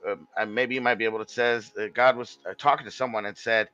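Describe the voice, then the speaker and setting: A man's voice: mid-range voice, fairly even intonation, fast, sharp tone, clear, resonant tone, no room sound, highs cut off. A man telling a long personal story in a casual, rambling way, swearing often and restarting his sentences. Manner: rambling, profane, with many restarts.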